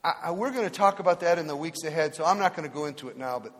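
A man's voice: on the high side, lively intonation, racing, fairly bright tone. A man preaching a sermon as pastor, telling humorous stories and acting out voices in them. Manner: storytelling, acts out voices in anecdotes. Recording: long hall reverb.

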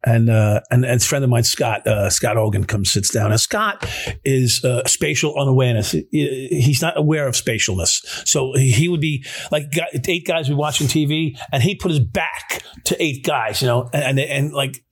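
A man's voice: medium pitch, moderate pace. A man hosting a podcast, chatting casually and telling a prison story. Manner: gravelly, affirming, storytelling. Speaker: podcast host. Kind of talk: casual chat. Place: podcast studio.

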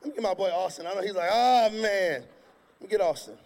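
High-voiced preacher in a reverberant hall. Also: male voice, quick pace. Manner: repetitive, emphatic preaching with sudden shouts. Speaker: pastor. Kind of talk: sermon. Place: church stage before a congregation. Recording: long reverb of a large hall.

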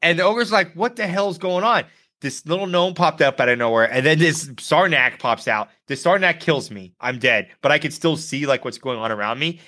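A man co-hosting a gaming podcast, telling a story with lively acted-out quotes. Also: mid-range voice, moderate pace, few pauses. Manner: animated storyteller, acts out quotes. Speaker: podcast co-host. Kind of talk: casual gaming podcast chat.

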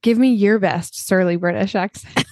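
A woman chats with a friend on a podcast, loose and giggly, full of "like" and quick restarts. Her voice sits at an ordinary pitch and is recorded close and dry, with no room sound. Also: darkish tone, no echo. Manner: chatty, laughing, lots of fillers and restarts. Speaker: podcast co-host. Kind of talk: casual chat.

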